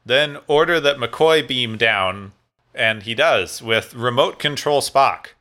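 A man's voice: mid-range voice, slow, bright, forceful tone. A man co-hosting a casual recap chat, summarizing plot in a wry, sarcastic way. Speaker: podcast co-host.

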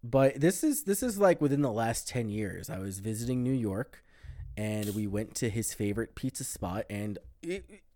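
A man's voice: on the low side, animated, normal speed, mellow. A young man co-hosting a podcast, talking bluntly in casual chat and ranting with lots of swearing. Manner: blunt, profane, exaggerated rants. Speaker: podcast co-host.

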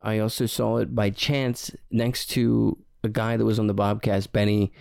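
A man's voice: lowish voice, little pitch movement, normal speed, vocal fry, a little mellow, smooth. Joking man hosting a podcast. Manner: joking, rambling storyteller. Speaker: podcast host. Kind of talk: casual chat. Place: podcast studio.

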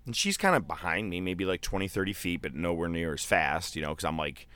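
A man telling a long story in casual podcast chat, loose and animated, with swearing and filler words. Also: low voice, a little fast, clean tone, no room sound.

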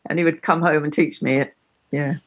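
A woman with a slightly husky, breathy tone talks in a relaxed, chatty way. She tells anecdotes and playfully demonstrates phrases as if teaching a friend. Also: low voice. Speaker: guest musician. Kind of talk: casual conversation on a call.

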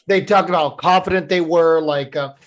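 A man's voice: fairly high pitch, fairly even intonation, brisk. A man co-hosting a podcast, talking casually and easygoing with plenty of fillers. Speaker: podcast co-host. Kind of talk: casual sports chat.

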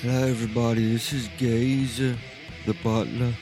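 A man voicing a male butler who announces the podcast in a flat, deadpan way. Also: medium pitch, normal speed, lightly acted. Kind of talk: joking outro announcement. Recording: guitar music behind.

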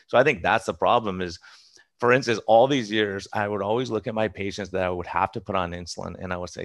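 Middle-aged male doctor, fast and emphatic, gravelly low voice, dry close sound. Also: no room sound. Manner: fast, emphatic, many restarts and acted-out quotes. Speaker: preventive medicine doctor. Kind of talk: casual interview talk.

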